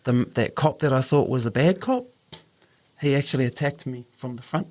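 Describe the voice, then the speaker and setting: A man's voice: medium pitch, moderate pace, darkish tone. A man with a New Zealand accent telling a personal story in a casual podcast chat, earnest, acting out the voices of the people in it. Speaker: podcast host.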